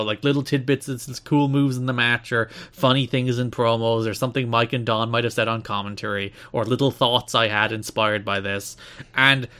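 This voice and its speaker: A man's voice: mid-range voice, sharp tone. A man co-hosting a casual podcast, rambling and sarcastic, often breaking into laughter. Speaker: podcast co-host.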